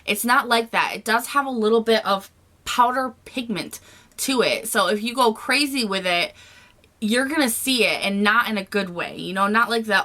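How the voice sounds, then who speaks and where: A woman's voice: mid-range voice, lively intonation, moderate pace, pushed and bright. A woman giving a casual, gushing makeup review to camera, chatty and full of fillers. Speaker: beauty vlogger.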